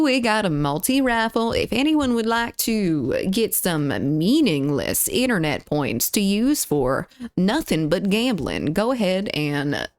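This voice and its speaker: Southern woman streamer, mid-pitched, chatty and giggly, dry close desk mic. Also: no echo. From US Deep South. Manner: chatty, greets viewers and reads chat aloud, giggly. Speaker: livestreamer. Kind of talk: casual live-stream chat.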